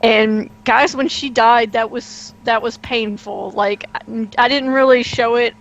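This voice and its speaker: A woman's voice: fairly high pitch, measured pace, creaky, lo-fi sound. Giggly woman telling a stream anecdote. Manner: laughs through anecdotes, animated. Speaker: player and co-host. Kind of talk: casual storytelling chat.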